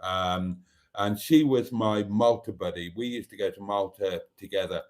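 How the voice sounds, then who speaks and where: A man's voice: lowish voice, normal speed. A man hosting a casual live stream, chatting and reading viewer comments aloud.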